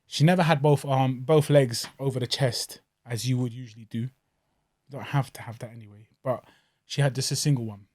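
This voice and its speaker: A man co-hosting a podcast, bantering about fights in slangy, animated talk. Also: mid-range voice, fairly quick, no room sound, clean studio sound. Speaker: podcast co-host.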